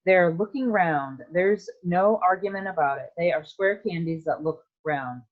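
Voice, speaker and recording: A woman voicing an eccentric, excitable male candy maker who talks briskly and bossily. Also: on the low side, narrow, tinny audio. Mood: insistent. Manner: brisk, bossy, theatrical.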